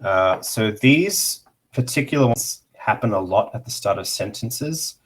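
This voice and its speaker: A man giving a casual online pronunciation lesson, explaining slowly with many pauses and fillers while sharing his screen. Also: on the low side, expressive, husky. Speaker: language teacher.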